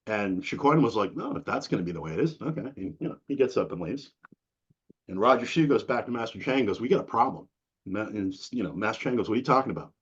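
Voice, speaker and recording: A middle-aged man from Massachusetts, an interview guest telling stories in a casual, animated way, acting out the people he quotes with big jumps in his voice. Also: on the low side, slightly rough. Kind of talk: casual storytelling. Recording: dull lo-fi sound.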